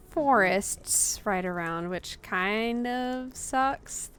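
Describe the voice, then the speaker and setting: A young woman hosting a let's play video game commentary, chatty and excitable, breaking into panicked yelps. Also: on the high side, very slow, clear, resonant tone. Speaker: gaming channel host.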